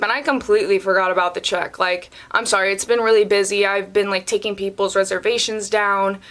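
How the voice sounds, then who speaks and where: A young woman chats through a storytime vlog in a relaxed, animated way and leans on "like" in nearly every sentence. Her voice sits at a middle pitch and her talk is conversational. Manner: chatty and animated, heavy use of "like". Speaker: vlogger. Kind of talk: casual storytime chat.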